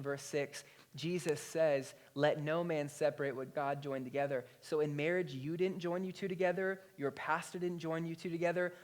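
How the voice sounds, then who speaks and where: A male pastor in his thirties preaching a sermon in a conversational, animated storytelling way. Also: a little high. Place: church.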